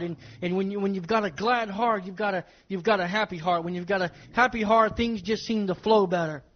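A man's voice: sits high, steady tone, a little fast, hardly any pauses. A man preaching a sermon to his congregation, emphatic and repeating his phrases as he speaks straight to them. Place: church service with congregation. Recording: dull lo-fi recording.

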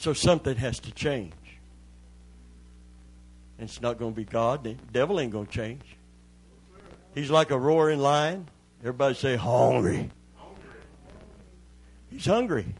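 A man's voice: mid-range voice, normal speed, pauses often, breathy edge. A man preaching a church sermon, building to fervent cries of hallelujah. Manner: preaching with rising fervor, calling out hallelujahs. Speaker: pastor.

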